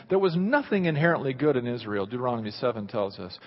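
A man preaching a sermon, moving from loud, fervent delivery to hushed near-whispers. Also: medium pitch, fast, few pauses. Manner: impassioned, rising loud then dropping to near whispers. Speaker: pastor. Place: church sanctuary. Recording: muffled reverberant hall recording.

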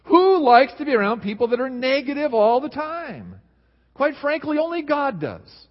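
A man preaching a sermon as pastor, swinging between lively emphasis and low, quiet asides. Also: moderate pace. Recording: dull sound in a reverberant hall.

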